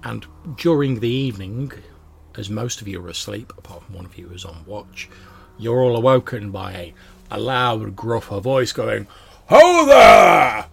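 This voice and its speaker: Gravelly, low-voiced game master. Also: male voice, moderate pace, slight background noise. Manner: loose, filler-heavy narration. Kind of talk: narrating a tabletop game.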